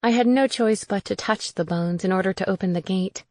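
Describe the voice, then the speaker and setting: A woman reading a first-person cozy mystery aloud in an even, wry tone. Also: mid-range voice, fairly quick, no room sound. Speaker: audiobook narrator. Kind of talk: first-person audiobook narration.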